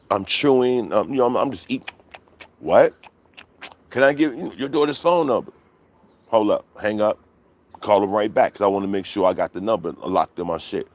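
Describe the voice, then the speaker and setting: A man's voice: on the low side, darkish tone. A man hosting a livestream, ranting bluntly and profanely with lots of rhetorical questions. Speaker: livestream host.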